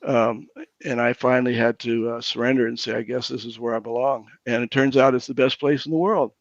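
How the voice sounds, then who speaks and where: A man's voice: medium pitch, fairly even intonation, dry recording, lo-fi sound. A pastor in his sixties telling his own recovery story candidly, often stumbling and restarting his words. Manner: halting, repeats words as he restarts.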